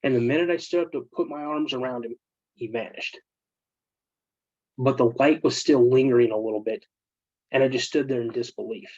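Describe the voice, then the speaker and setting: A man speaks in a medium voice, earnest and halting as he shares emotional personal stories. The audio is dull and dry, like a remote call. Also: medium pitch, a little mellow, no room sound. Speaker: guest, military veteran. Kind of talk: casual storytelling interview.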